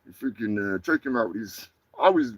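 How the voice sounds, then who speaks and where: A man hosting a crude comedic live show, brash and profane, rambling through shout-outs to his viewers. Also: on the low side, lively intonation, normal speed, no echo, rough recording. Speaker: host.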